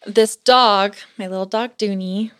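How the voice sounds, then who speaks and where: A woman's voice: mid-range voice, steady tone, measured pace, clean tone. Young adult woman, podcast guest, casual storytelling, chatty, lots of filler words, mid-range voice. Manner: chatty, peppers speech with "like".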